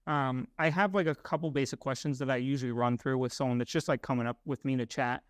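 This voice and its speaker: A man's voice: medium pitch, steady tone, quick pace, no room sound. A young man from Massachusetts co-hosts a casual podcast in a mid-range voice, thinking aloud and checking in with "right?" and "you know". The sound is close and dry, with no room around it. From Massachusetts, USA. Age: young adult. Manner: reflective, uses fillers like "right?" and "you know". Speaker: podcast co-host.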